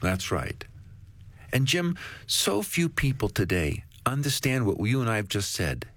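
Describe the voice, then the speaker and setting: A guest author on a faith talk show tells a story, his voice rising and falling animatedly. His pitch sits in the middle for a man. The recording is dry and close. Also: big pitch swings, unhurried, fairly bright tone, no room sound.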